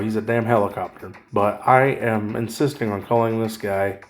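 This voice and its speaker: A man's voice: lowish voice, unhurried, faint music behind. A man casually talking through his mobile game progress, rambling and correcting himself with wry asides. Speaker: gaming channel host. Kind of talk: casual gameplay commentary.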